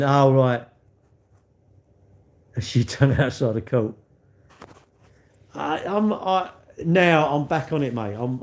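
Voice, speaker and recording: A man's voice: medium pitch, a little mellow. A man hosting a live stream, chatting in a rambling, self-mocking way and answering viewers.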